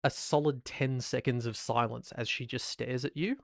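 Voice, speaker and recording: A man narrating as game master for a tabletop game, with an easygoing, descriptive manner and quick asides. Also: mid-range voice, steady tone, creaky, no room sound, studio quality.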